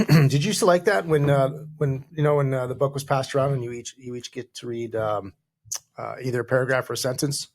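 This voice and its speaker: Guy cohosting a podcast, reads stuff out kinda haltingly, lots of ums. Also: medium pitch. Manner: reads facts aloud haltingly, with many fillers. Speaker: podcast co-host. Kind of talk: casual chat.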